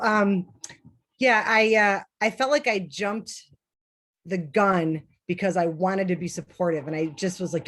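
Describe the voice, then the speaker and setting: A woman on a parent panel candidly reflecting on her own reactions as a parent. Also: mid-range voice. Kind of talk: personal story on a panel.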